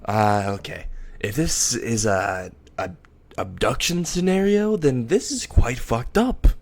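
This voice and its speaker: A man's voice: mid-range voice, expressive, slow pace. A man voicing a crude, foul-mouthed male imp hitman in a storybook reading, swearing and stammering often. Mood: baffled. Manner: swears constantly, blurts and stammers. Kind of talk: storybook character voice.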